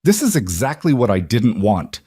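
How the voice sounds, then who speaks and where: A man's voice: on the low side, very animated, normal speed, warm tone, breathy edge, dry recording, studio quality. A man voicing a proud, guarded young woman in a romance audiobook, lifting his voice for her. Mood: angry.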